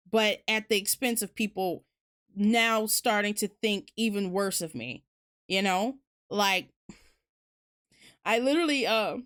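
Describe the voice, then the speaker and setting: A woman chatting casually on her stream at a middle pitch. Her talk is candid and loose, full of fillers and restarts, with the occasional swear word. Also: a bit bright. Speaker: streamer hosting a book talk. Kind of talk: casual chat.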